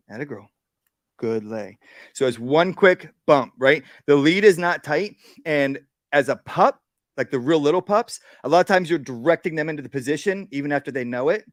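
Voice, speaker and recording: This man's medium-pitched voice comes through a dry, clean studio recording as he leads a live dog-training workshop demo. He explains each step simply, often adds "right?", and interjects short, calm commands for the dog.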